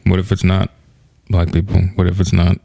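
Very deep gravelly man, dry close sound. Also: completely flat delivery, brisk, dark tone, no room sound. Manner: teasing, asks pointed questions. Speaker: podcast co-host. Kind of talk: casual chat.

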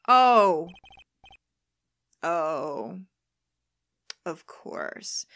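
A woman hosting a let's play, giving excitable, exclamatory commentary full of gasps and little asides of "darling". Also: fairly high pitch, moderate pace. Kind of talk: reactive gameplay commentary.

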